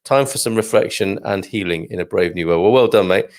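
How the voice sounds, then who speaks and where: A man's voice: lowish voice, brisk. A middle-aged man hosting a live morning stream, chatting casually through viewer comments and cracking corny dad jokes. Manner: chatty and jokey, tells corny dad jokes, chuckles often. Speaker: live show host reading viewer comments.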